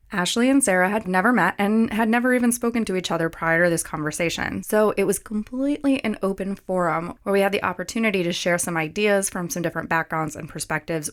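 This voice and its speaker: A woman hosting a podcast, reading an earnest, scripted introduction of her guests. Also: fairly low pitch. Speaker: podcast host.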